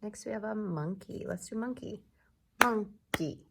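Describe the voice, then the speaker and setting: A woman teacher giving a recorded lesson to young children, patient and encouraging, repeating each word slowly so they can clap along. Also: medium pitch, creaky, mellow, breathy edge. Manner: slow, patient, encouraging, repeats words for clapping.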